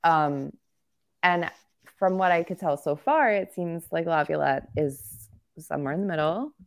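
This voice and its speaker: A woman's voice: low-pitched, measured pace. A woman co-hosting a sports podcast, talking in a candid, joking and rambling way in casual chat, with a slight cough. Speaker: podcast co-host.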